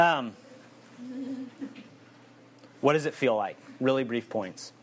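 A man's voice: mid-range voice, expressive, fairly quick, noisy background. A man preaching a conversational sermon. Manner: conversational and humorous, repeating a refrain.

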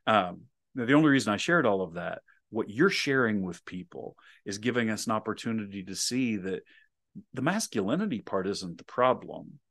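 A man hosting an interview, speaking in a measured and earnest way about faith and family. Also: on the low side, animated, gravelly, a bit bright, no echo, studio quality. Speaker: interview host. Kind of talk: reflective faith interview talk.

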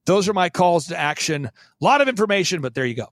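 A man with a notably high voice talks bluntly and with great energy as an interview guest. He often slips into other people's voices to act out their lines. The sound is dry and close, with no room echo. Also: quick pace. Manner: blunt, animated, acts out quotes in voices. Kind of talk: fast-talking interview.

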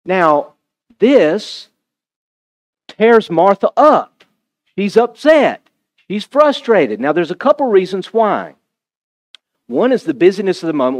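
Male pastor, high and very expressive, conversational sermon style with congregation asides.

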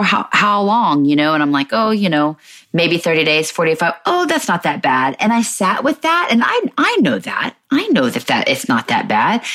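A woman's voice: on the low side, fairly bright tone. A woman in her thirties hosting a podcast, talking candidly in a chatty, self-mocking way. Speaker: podcast host. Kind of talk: casual monologue.

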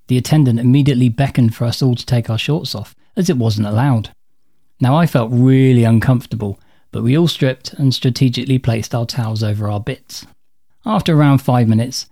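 Mellow-voiced man telling a wry anecdote. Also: mid-range voice. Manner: dry, wry understatement. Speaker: storyteller. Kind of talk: narrated personal anecdote.

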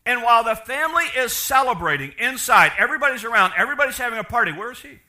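A middle-aged male pastor delivering a lively sermon in a high, strikingly bright voice. He acts out the people he quotes and often stumbles and restarts mid-thought. His pitch swings widely from low asides to raised emphatic points. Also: very fast. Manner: animated preaching, voices quoted characters, repeats and restarts.

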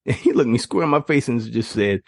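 A man telling stories on his podcast with a husky, breathy grain. His pitch swings widely as he slips into the people he describes. The recording is dry, with no room around it. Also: brisk, no room sound. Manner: animated, laughs through the telling. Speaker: podcast host. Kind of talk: casual storytelling.

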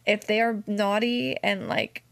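Gravelly-voiced woman groomer. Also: mid-range voice, level tone, a little slow, fairly bright tone, dry recording. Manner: earnest, emphatic, frank. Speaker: dog groomer, guest. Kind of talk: casual chat.

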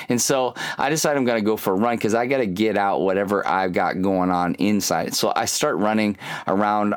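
A man giving a candid, earnest personal testimony in a devotional talk, telling his story with restarts. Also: fairly low pitch. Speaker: speaker giving a faith talk.

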